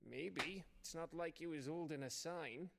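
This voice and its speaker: A man's voice: fairly high pitch, unhurried, creaky, noisy background. A man voicing a tired, dry-witted resistance fighter in a video game. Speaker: game character.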